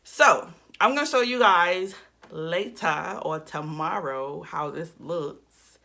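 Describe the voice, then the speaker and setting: A woman's voice: on the low side, takes it slowly, vocal fry, sharp tone. A woman vlogging about hair care in a casual, chatty way, talking straight to her viewers. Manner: chatty, talks straight to viewers as y'all and child. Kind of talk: casual chat to camera.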